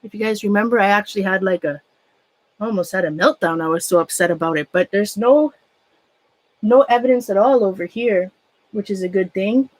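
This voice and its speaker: A woman's voice: medium pitch, brisk. A woman chatting casually to her live-stream viewers. She rambles, often trails off and restarts mid-sentence, and laughs at herself a lot. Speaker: craft room vlogger.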